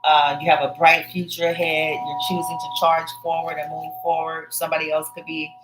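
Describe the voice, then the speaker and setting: A woman's voice: deep voice, completely flat delivery, a little fast, over music, rough recording. A woman giving a casual tarot card reading, rambling, with many fillers and restarts. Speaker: tarot reader.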